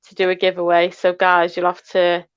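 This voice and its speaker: A woman's voice: on the low side, monotone, a little fast, clear, resonant tone, no room sound, muffled recording. An English woman co-hosting a casual live chat, teasing her friend and reading out viewer comments. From England. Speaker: co-host of a metal detecting channel.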